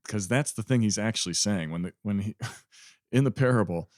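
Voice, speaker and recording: A man's voice: on the low side, normal speed, darkish tone, no room sound, clean studio sound. A man co-hosting a conversational Bible discussion, earnest and emphatic, repeating key phrases. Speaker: podcast co-host.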